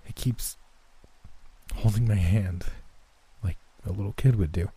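A man's voice: lowish voice, a little slow, dark tone, husky, heavily acted. Stubborn young woman roommate, put on by a male narrator. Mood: defiant. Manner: defiant, dismissive, turning shaky.

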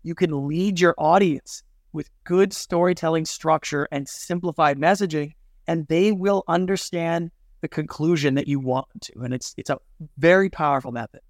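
A middle-aged man, a film producer and business consultant, chatting in an interview in a lively way and acting out quoted voices. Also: on the high side, moderate pace, no room sound, clean studio sound. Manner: animated, acts out quoted voices, many "like" fillers. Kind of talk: casual interview conversation.

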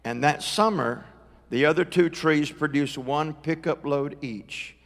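A middle-aged male preacher with a slightly high, gravelly voice, delivering a live sermon in emphatic bursts. His words ring out with the long reverb of a church sanctuary. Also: measured pace. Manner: rising, emphatic preaching that climbs louder as he builds. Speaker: guest preacher.

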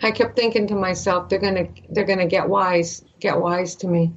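An older woman from Canada, an actress guest, telling an animated story and acting out the voices of the people in it. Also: lowish voice, normal speed, lo-fi sound. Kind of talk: animated anecdote in a podcast interview.

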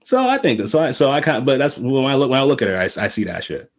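A man's voice: medium pitch, wildly swooping pitch, quick pace. A man in casual conversation, rambling and restarting often, swearing freely and acting out quoted remarks. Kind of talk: casual podcast chat.

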